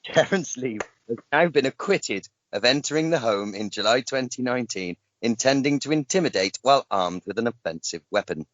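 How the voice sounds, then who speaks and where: Male podcast host, animated delivery, jokey news reads, dry lo-fi mic. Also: medium pitch, normal speed, few pauses, dry recording. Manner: joking, often laughing mid-sentence. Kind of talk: casual chat reading news stories aloud.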